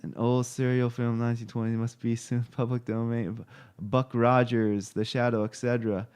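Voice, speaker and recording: A man talks casually on a live stream and wanders between thoughts. He stops often to search for words or to check his screen and the chat. His voice is smooth and clear, at an ordinary pitch. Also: little pitch movement, a little mellow. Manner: rambling, halting, many fillers and restarts; reads chat and looks things up on screen while talking.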